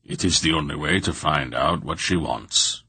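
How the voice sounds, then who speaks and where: An ancient sorcerer in his old age, deep and patient, speaking slowly and politely, as a male reader puts him on. The voice is gravelly and close, in a dry room. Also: no echo, exaggerated voice. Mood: steady. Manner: polite, steady, unhurried.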